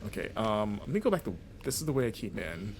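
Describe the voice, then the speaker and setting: Talking fast in a lowish, sing-song voice, a young American games critic and streamer chats casually while he plays. He laughs a lot and keeps dropping into playful mock voices, with slight hiss or hum audible.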